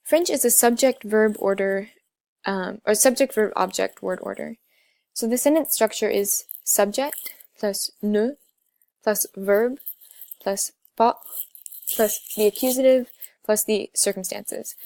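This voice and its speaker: Young woman, student presenter, gravelly tone, dry close mic, explains slides with many ums. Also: mid-range voice, a little slow, dark tone, no echo.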